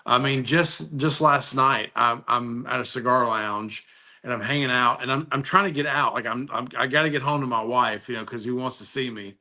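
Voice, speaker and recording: This man's mid-range voice comes across bright and forceful at a moderate speed. He's an eager storyteller in a relaxed video-call conversation, frequently starting his thoughts over.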